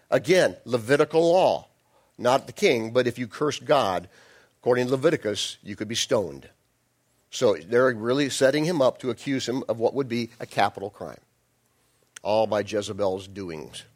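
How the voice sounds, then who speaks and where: A man preaching a sermon, reading Bible verses aloud and breaking off into casual, playful asides. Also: mid-range voice. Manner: conversational, digressive, playful asides.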